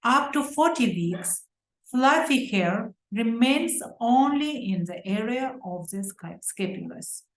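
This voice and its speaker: A woman with an Uzbek accent giving a medical lecture from slides, reading deliberately and pausing on fillers and self-corrections. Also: a little high, lively intonation. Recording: roomy echo.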